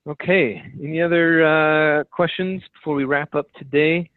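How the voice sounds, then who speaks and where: A man's voice: fairly high pitch, fairly even intonation, normal speed, dry recording. Man coaching his team over a tinny phone line. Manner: emphatic, direct, repeats key phrases. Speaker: team leader on a sales team call. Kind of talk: motivational coaching talk.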